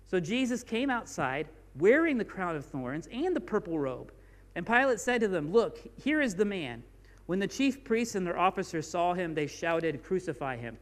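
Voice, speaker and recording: A man's voice: high-pitched, in a large hall. A man preaching a sermon as a pastor, speaking informally and reading scripture aloud with rising emphasis. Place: church sanctuary.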